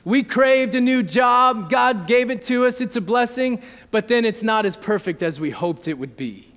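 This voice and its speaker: High-voiced pastor in a reverberant hall. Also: male voice, lively intonation, normal speed, a bit bright. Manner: conversational storytelling with frequent check-ins to the audience. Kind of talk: sermon. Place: church hall.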